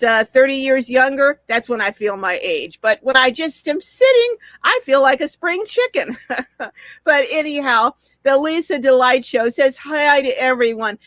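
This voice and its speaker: A woman's voice: high voice, a bit bright, no echo. An older woman hosting a live stream, reading viewer comments aloud and greeting each viewer with effusive chatter.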